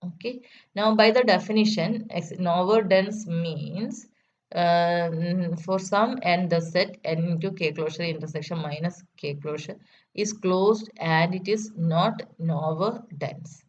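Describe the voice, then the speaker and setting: Woman lecturer with a lowish voice, methodical proof-by-proof delivery, muffled lo-fi recording. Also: measured pace. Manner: methodical, repeats key steps. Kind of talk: math lecture. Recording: dull lo-fi recording with faint noise.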